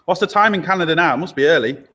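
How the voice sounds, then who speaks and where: A man's voice: on the high side, animated, sharp tone. A man hosting a casual live stream from a garage workshop, chatting loosely and reading out viewer comments. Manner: loose and chatty, with fillers and quick asides. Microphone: laptop or camera mic held by a helper.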